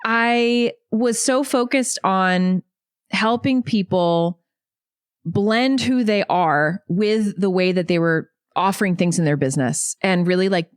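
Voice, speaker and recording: A woman's voice: medium pitch, no room sound. Chatty woman telling her story, dry sound. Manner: chatty, animated, says "like" often. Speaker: podcast guest, business coach. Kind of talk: casual interview storytelling. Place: podcast studio.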